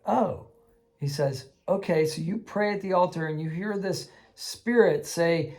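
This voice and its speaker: Man telling a lively game anecdote. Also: fairly high pitch. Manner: animated, laughing, acts out the voices he quotes. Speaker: game master teaching kids. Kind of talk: casual anecdote storytelling.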